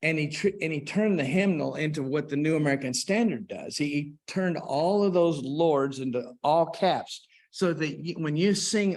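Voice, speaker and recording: A man preaching to a church congregation in an unhurried, conversational way, with restarts and asides to the listeners. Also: on the high side. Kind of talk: church class talk on hymns. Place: church auditorium.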